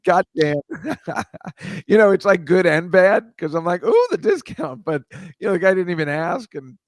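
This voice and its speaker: A man's voice: sits high, a little slow, no room sound, studio quality. Rambling older New man. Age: over 65. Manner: rambling, self-deprecating, laughs at own stories. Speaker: podcast co-host. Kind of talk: casual chat.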